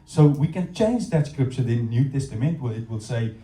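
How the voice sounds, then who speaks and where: Animated South African preacher in an echoey hall. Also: male voice, mid-range voice, measured pace, hardly any pauses, recorded from a distance. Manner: animated storytelling, addressing the congregation directly. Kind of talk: sermon. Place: church hall.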